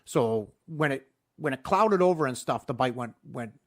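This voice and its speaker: Man, podcast host, casual chat, cursing storyteller, mid-pitched voice. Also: normal speed. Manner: profane, animated storyteller.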